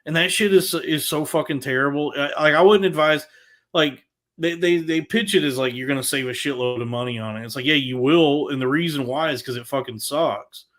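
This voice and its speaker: Crude, fast-swearing man telling stories. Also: a little high. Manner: crude, profanity-heavy storytelling; animated, frequent restarts. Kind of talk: casual podcast chat.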